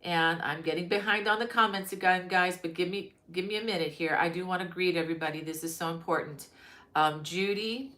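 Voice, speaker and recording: A woman's voice: on the low side, brisk, a bit bright. A middle-aged woman hosting a crochet live stream, chatting casually and greeting viewers by name with many ums. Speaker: crochet channel host. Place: her mother-in-law's home.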